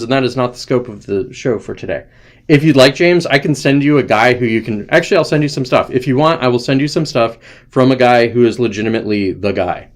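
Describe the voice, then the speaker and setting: Male livestream host, profane ranter, talks straight to his chat. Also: mid-range voice. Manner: profane, ranting, addresses chat viewers by name.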